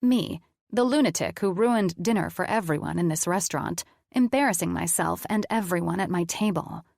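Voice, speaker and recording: A woman reading a first-person audiobook with a candid, conversational and blunt delivery. Her voice sits low and the recording is very dry and close. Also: normal speed, gravelly, a little mellow, no echo. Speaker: audiobook narrator.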